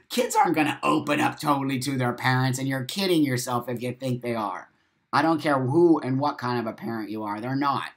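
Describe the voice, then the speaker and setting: A man's voice: mid-range voice, animated, brisk. A man hosting a live stream show, reading out viewer comments and talking in an emphatic way, repeating phrases for stress. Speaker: host of a live talk show.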